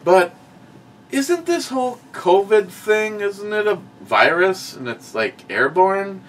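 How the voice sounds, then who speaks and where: A man co-hosting a casual chat, ranting and swearing as he tells animated stories. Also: high-pitched, slow pace, a little hiss or hum. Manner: ranting, profane, animated storytelling. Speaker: podcast co-host.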